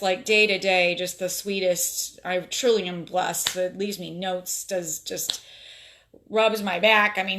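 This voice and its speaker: A woman's voice: mid-range voice, a bit bright. A woman from South Florida chatting on a home live stream from her phone, telling a story with lots of fillers and emotion. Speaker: livestream host. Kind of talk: casual live stream chat.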